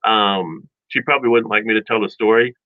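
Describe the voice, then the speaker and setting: A man casually telling childhood stories in a rambling, animated way, with many restarts and chuckles. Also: fairly low pitch, brisk, no room sound. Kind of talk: casual storytelling chat. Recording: dull dry lo-fi sound.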